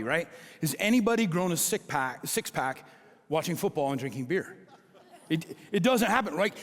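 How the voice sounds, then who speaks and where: Middle-aged male pastor, slightly higher voice, lively storytelling sermon, long church-hall reverb. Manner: animated storytelling, acting out quoted dialogue.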